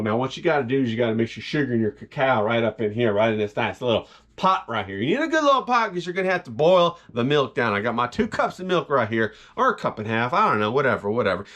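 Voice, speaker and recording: A home cook hosts a comedic cooking vlog from his own kitchen, speaking in a fairly high, fairly bright voice. He brags and pumps up his audience throughout.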